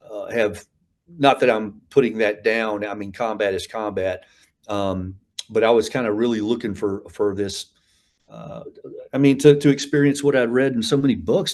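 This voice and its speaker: A man in his fifties telling stories as an interview guest, rambling with frequent fillers, restarts and a habit of saying "man.". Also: lowish voice. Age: 50s. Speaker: interview guest, combat veteran. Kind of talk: casual storytelling interview.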